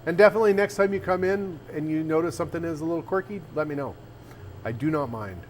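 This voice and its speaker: A man with a voice on the high side talks fast while livestreaming from his arcade café. He's the owner, chatting casually and rambling as he thinks aloud with restarts, over a little hiss or hum.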